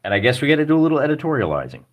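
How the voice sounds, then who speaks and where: Man, Midwestern accent, livestream host, rambling, self-deprecating, animated pitch. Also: rapid-fire. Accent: Midwestern American. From Michigan. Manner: rambling, self-deprecating, thinks aloud while searching pages. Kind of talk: live-streamed rulebook walkthrough.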